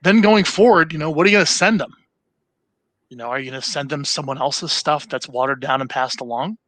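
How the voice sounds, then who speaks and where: A man's voice: fairly high pitch, a little fast, a bit bright, dry recording. A man guesting as a marketing company CEO, talking casually with lots of fillers and restarted phrases. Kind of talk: conversational interview, sample email read aloud.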